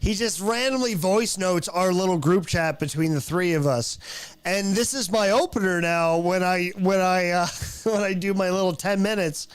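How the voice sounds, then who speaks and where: A man's voice: high voice, normal speed, clear, resonant tone. A young adult man, a podcast host and stand-up comic, chatting casually and profanely, rambling with restarts. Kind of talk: casual chat.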